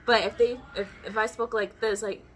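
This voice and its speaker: A woman's voice: on the high side, steady tone, normal speed, a bit bright. Chatty young American woman vlogger. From United States. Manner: chatty, rambling, self-correcting, slangy. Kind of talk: casual chat.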